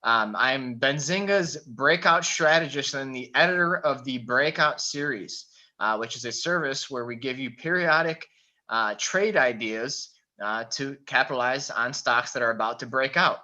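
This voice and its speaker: A man presenting a live online trading webinar in a relaxed way, with many "uh" fillers, on a computer mic over a video call. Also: medium pitch, normal speed. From Michigan. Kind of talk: casual live webinar talk. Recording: dull lo-fi call audio.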